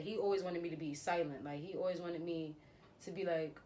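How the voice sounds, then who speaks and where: A young woman vlogger telling a personal story in a lively, slangy, casual way. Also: lowish voice, a little fast, slight background noise. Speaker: beauty vlogger. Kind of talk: storytime vlog.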